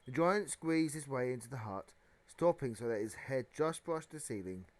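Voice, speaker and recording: A man reading a children's novel aloud as narration, with a dramatic, expressive delivery. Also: medium pitch, normal speed. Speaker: audiobook reader. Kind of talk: storybook narration.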